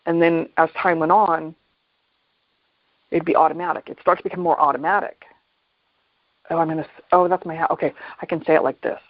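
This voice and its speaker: Gravelly-voiced man musing thoughtfully. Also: fairly high pitch, no echo. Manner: thoughtful, unhurried, pauses often and restarts phrases. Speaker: podcast host. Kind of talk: reflective solo talk on mindfulness. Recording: dull lo-fi dry recording.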